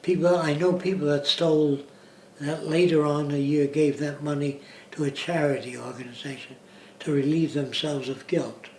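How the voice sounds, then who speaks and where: A man gives an informal lecture in a fairly high voice, explaining point by point and checking that his listeners follow. He is set back from the mic in a roomy space, with faint ambience behind him. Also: steady tone, moderate pace, a little mellow, distant mic, a little hiss or hum.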